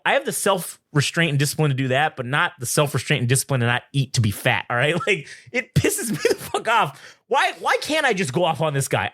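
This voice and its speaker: A young man co-hosting a podcast, telling stories in a profane, animated way and mocking people in put-on voices. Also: on the high side, dry recording, studio quality. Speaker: podcast co-host. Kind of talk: casual chat.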